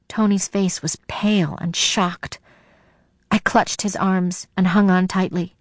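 A woman's voice: on the low side, fairly even intonation, takes it slowly, no room sound. A woman narrating a suspense story in the first person, in a tense, dramatic storytelling manner.

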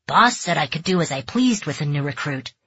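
Angry young bandit dude, sneery and mean, husky lady reading him, dull dry audiobook sound. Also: low voice, lively intonation, brisk, bright, forceful tone, no room sound, full character voice. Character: hostile young male bandit, hot-tempered.

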